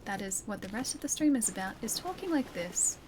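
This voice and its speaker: A woman in a whispered role-play, doing a hushed, gentle TV painter with a breathy, slow, soothing whisper. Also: mid-range voice, sing-song, noisy background, natural voice. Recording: game music playing behind.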